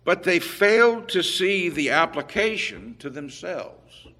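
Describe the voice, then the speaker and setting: A man preaching a sermon, unhurried with occasional fillers, growing emphatic and louder on key points. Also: high voice, very animated. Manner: emphatic, rising in volume on scripture quotes.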